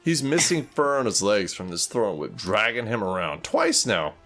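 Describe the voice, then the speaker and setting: A man narrating and ruling as game master of a tabletop game, animated and quick to laugh, with faint music underneath. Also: fairly low pitch. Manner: animated, laughs often, voices creatures.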